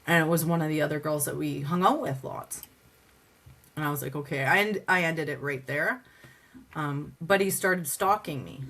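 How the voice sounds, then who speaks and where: A woman from Canada, a podcast guest and advocate, telling her story casually, acting out conversations with many "like" fillers. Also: low voice. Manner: lively storyteller who acts out dialogue, many "like" fillers.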